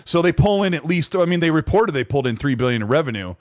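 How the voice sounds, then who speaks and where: A fairly high-pitched man talks casually on a gaming podcast, replying to viewers in the chat. His voice is close and dry, with no room sound. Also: animated, fast, no room sound. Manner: chatty, answers the live chat. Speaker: podcast host.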